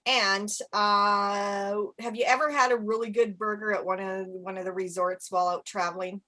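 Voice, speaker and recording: A woman's voice: medium pitch, steady tone, normal speed, sharp tone. A woman co-hosting a travel podcast, chatting casually and reading out a list of dates with easy laughs. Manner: reads out a list of dates, laughs at her own slips. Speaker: podcast co-host. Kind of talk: casual chat.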